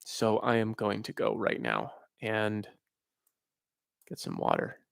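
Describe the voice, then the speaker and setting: A man with a gravelly, creaky voice talks in a loose, halting way, thinking aloud and restarting his sentences. He sounds tired and worn out, as if he has talked for too long. His voice is close and dry, with no room sound. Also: on the low side, wildly swooping pitch, dry recording. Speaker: livestream host. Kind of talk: casual live Q&A talk.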